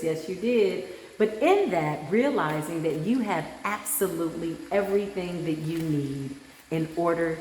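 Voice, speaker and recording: A woman's voice: lowish voice, moderate pace, darkish tone, a little hiss or hum. A woman, a spiritual practitioner, leading a guided meditation with soothing affirmations and frequent "right?" check-ins. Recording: echoey room with long reverb.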